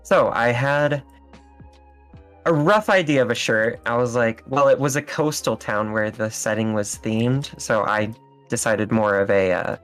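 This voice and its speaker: A man's voice: mid-range voice, measured pace, a bit bright, faint music behind. Man, interview guest, casual, rambling, lots of fillers, small laughs.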